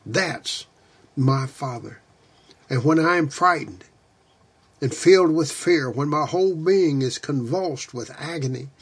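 A man preaching a sermon, reading scripture slowly and deliberately. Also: on the high side, breathy edge.

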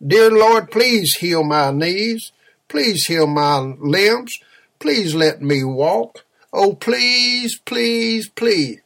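A man's voice: high-pitched, a bit bright, full character voice. A man doing a sobbing old woman praying. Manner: crying, desperate praying. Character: elderly woman in her seventies, crippled, pleading.

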